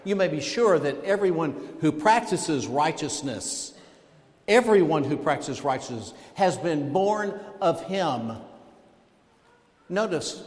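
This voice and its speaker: Pastor, man, preaching with emphasis and pauses; long church reverb, voice a bit high. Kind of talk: sermon. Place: church sanctuary. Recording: echoey hall with long reverb.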